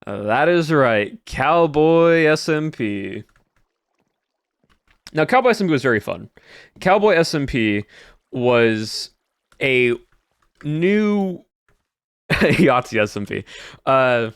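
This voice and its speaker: A man's voice: mid-range voice, clean tone, dry recording, studio quality. A male streamer chatting casually to his chat as he recaps the year, rambling and repeating words. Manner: rambling, repeats words, trails off mid-sentence.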